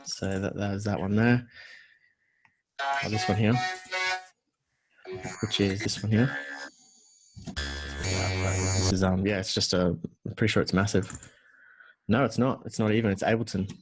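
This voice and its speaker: A man's voice: lowish voice, steady tone, measured pace, pauses often. A man with an Australian accent, a music producer walking through his session in a casual, self-deprecating way with many fillers. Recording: music playing behind the voice.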